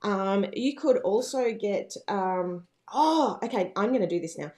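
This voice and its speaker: A woman's voice: mid-range voice, expressive, a little slow, a little mellow. A woman hosting a casual livestream from home, chatting in a rambling, bubbly way with lots of fillers. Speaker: livestream host, planner business owner.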